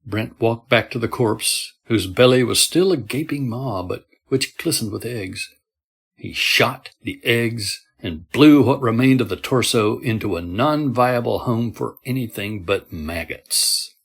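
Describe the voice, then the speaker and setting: Guy with a breathy kind of voice reading a creepy story, calm and even. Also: medium pitch, unhurried. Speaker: story narrator. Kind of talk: scripted horror narration.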